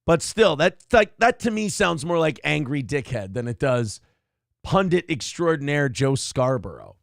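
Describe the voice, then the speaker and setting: A male host with a high, gravelly voice that swings wildly up and down, firing off sarcastic, profane jabs. His delivery is a mocking comedic rant. The sound is close and dry, with no room around it. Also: expressive, measured pace, no room sound. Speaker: podcast host.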